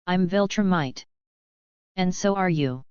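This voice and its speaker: Cold calm alien dad, flat and slow, woman reading him in an audiobook, crisp voice. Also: lowish voice, no room sound, highs cut off. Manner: flat, unhurried, matter-of-fact. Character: cold, calm alien father, middle-aged man.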